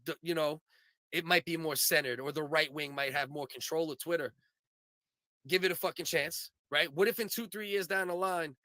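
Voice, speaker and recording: A podcast host rambles through his opinions, swearing freely. His voice is a touch high and bright and forceful. The sound is dry and close. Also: fairly even intonation, normal speed, no echo. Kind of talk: casual comedy podcast chat.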